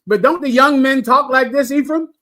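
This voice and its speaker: A man's voice: extremely high pitch, normal speed, a bit bright. A man preaching to a room in a blunt, crude and scolding way, firing pointed questions at his listeners. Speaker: preacher lecturing a class. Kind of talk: preaching commentary.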